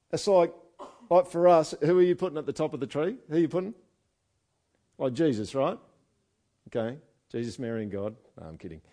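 An Australian man preaching a sermon, animated and joking, with loud asides and quiet readings. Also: on the high side. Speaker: pastor.

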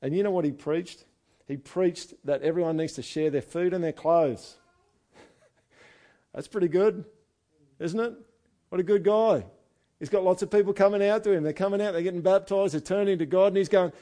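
Lively Australian man preaching. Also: sits high, normal speed, long pauses. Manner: lively, joking, swings from loud asides to quiet reading. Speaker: pastor. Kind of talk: sermon.

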